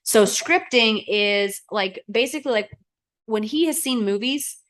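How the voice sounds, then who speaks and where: A woman with a fairly high voice speaks a little slowly. She's a guest, a real estate agent from Arizona in her thirties, animatedly telling stories in casual chat and acting out people's quotes in a raised voice.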